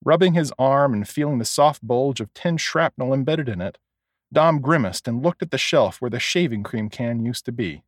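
A man narrating a story as an audiobook, expressive storytelling. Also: medium pitch, normal speed, dry recording, studio quality.

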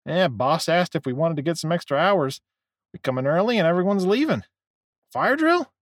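A man's voice: a little high, very animated, moderate pace, dry recording, studio quality, voice pushed up. A man voicing a laid-back young male warehouse worker who talks in a casual, slangy way.

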